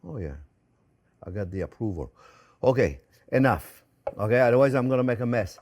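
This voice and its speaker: A middle-aged male chef talks through a cooking demo in a chatty, joking way, often calling his viewers friends. His pitch swings up and down with plenty of life. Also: animated, brisk, darkish tone. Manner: talkative, jokey, addresses viewers as friends. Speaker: chef and cooking show host.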